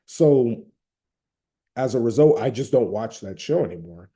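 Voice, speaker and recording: A man's voice: mid-range voice, animated, unhurried, dark tone. A man from Atlanta with a Southern accent, giving casual, conversational advice about recovering from a habit, with many fillers and hedges. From Atlanta, Georgia.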